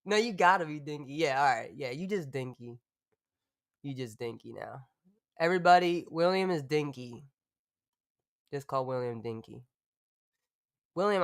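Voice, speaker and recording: A woman hosts a live stream in loose, profane chat, drifting from one thought to the next and laughing as she goes. Her voice is smooth and a little low-pitched, with a dry, close sound. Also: animated, normal speed, pauses often, no echo. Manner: rambling and profane, laughs often.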